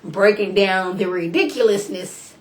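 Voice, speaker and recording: Animated woman recapping a TV show. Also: a little slow. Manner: animated, incredulous, rises into high exclamations; colloquial, chatty, talks straight to viewers. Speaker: vlogger recapping a TV series. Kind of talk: casual chat recap.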